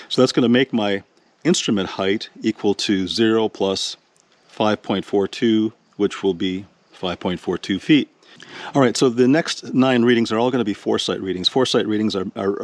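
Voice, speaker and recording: A man with a fairly low voice walks through a hands-on DIY task. He speaks plainly and patiently, stammering and restarting as he goes. The sound is close and dry, with little room echo. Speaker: DIY channel host. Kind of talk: hands-on how-to explanation.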